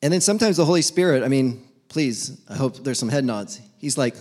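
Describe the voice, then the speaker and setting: A man's voice: medium pitch, animated, brisk, few pauses, a little mellow. A young adult man preaching a casual, humorous sermon as pastor, acting out little back-and-forth dialogues between people and God.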